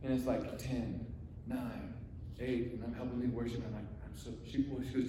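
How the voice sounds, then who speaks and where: A man in his forties preaching a sermon, telling family stories in a conversational way, dropping to soft, emotional tones. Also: medium pitch, fairly even intonation, moderate pace, few pauses, background noise. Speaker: pastor. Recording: echoey hall from far off.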